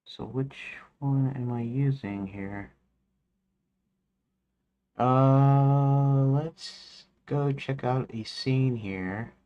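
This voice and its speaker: A man's voice: medium pitch, extremely slow, clean tone, lo-fi sound. A man streaming his game development work, thinking aloud as he goes, with restarts and counting under his breath. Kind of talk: casual work-along commentary.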